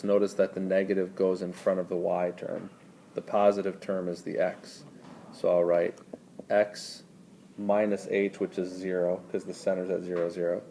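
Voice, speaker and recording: Low gravelly-voiced male math tutor. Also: darkish tone, a little hiss or hum. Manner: talks students through steps, quizzing them. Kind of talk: screencast math lesson.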